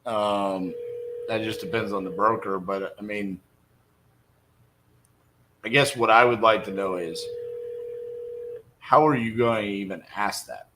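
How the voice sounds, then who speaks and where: A man's voice: fairly low pitch, measured pace, long pauses, pushed and bright, slight background noise, low-quality recording. A young man in casual livestream talk, blunt and conversational, with frequent fillers, between cold calls to sellers. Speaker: real estate wholesaler.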